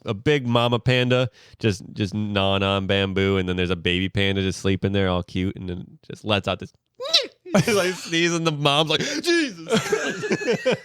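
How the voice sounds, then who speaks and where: Lively, smooth-voiced male podcast co-host. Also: fairly low pitch, normal speed, dry recording, studio quality. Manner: playful, riffing on jokes. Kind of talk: casual comedy chat.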